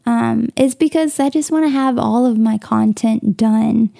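Emotional young woman with a gravelly voice. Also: fairly high pitch, unhurried, warm tone, dry recording, studio quality. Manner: gushing, emotional, tearful at times. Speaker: podcast host. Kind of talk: casual solo podcast chat. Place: bedroom at home, on the bed.

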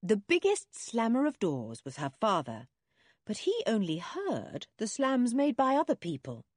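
A woman's voice: on the high side, huge pitch swings, unhurried, breathy edge, no echo, studio quality. A woman narrating a children's storybook, reading expressively.

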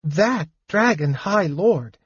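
A man voicing a small, excitable male kender who talks in a high, breathless, stammering way, in a storybook reading. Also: unhurried, breathy edge, no room sound, heavily acted. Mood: hesitant. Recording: dull lo-fi dry recording.

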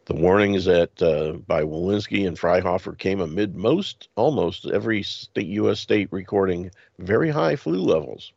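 A man's voice: low voice, normal speed, gravelly, hardly any pauses, darkish tone, no room sound, highs cut off. A man hosting a show, reading news items aloud and breaking in with mocking, chuckling asides. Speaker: podcast host.

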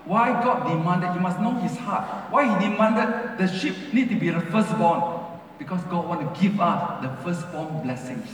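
A male pastor preaches in a high, ringing voice, leaning on repeated phrases that rise and fall. His English has non-native grammar. He is heard from a distance in a large, very echoey church hall. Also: animated, normal speed, slight background noise. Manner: rising and falling emphasis, repeats phrases. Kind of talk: sermon.

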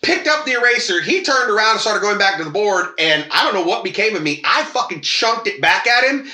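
A bright, sharp-toned man telling a story on a casual podcast, his pitch swinging widely as he acts out quoted voices. He swears freely, and the recording has a noticeable room echo. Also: animated, a little fast. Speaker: podcast co-host.

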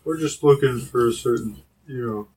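A man playing a tabletop game, asking hesitant, halting questions, recorded on a distant mic. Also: mid-range voice, a little mellow. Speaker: player.

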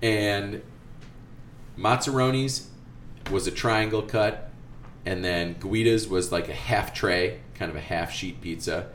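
Male podcast co-host with a very deep voice, relaxed and anecdotal, recorded in a reverberant room. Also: takes it slowly, a little hiss or hum. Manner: animated storyteller, frequent "like". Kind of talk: casual chat.

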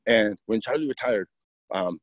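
A man's voice: on the low side, lively intonation, moderate pace, no room sound. A man, a teacher, telling blunt, profane, rambling stories in a casual interview.

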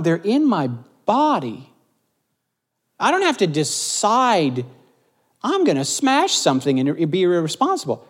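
Animated joking male preacher. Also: a little high. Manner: animated, joking, self-mocking storyteller. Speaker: pastor. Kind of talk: casual sermon.

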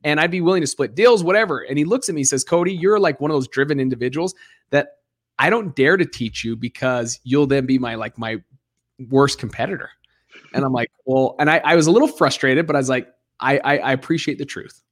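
A man in his thirties, an interview guest who tells his story in a lively way and acts out the other voices. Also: medium pitch, brisk. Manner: animated storyteller acting out dialogue. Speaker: guest, real estate investor.

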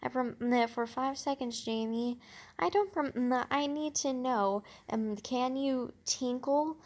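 A woman reading aloud the lines of a serious school girl, halting and stumbling over words. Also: high voice. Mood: insistent.

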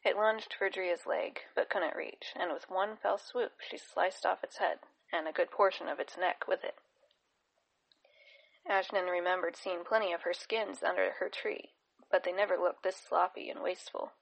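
A woman narrating a fantasy novel in a steady, even storytelling manner. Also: lowish voice, normal speed, gravelly, rough recording. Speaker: audiobook narrator. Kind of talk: scripted narration.

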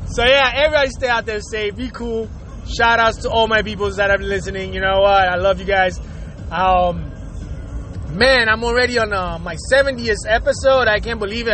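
A man's voice: high-pitched, fairly even intonation, fairly quick, bright, forceful tone, slight background noise. A man hosting his own podcast, ranting casually with lots of swearing, fillers and frequent laughter. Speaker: podcast host. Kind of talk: casual profane rant.

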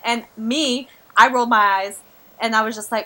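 A young woman co-hosting a casual podcast in a bright, sharp voice, a little higher than most. She talks fast and expressively, full of slang. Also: steady tone. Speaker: podcast co-host. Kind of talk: casual chat.

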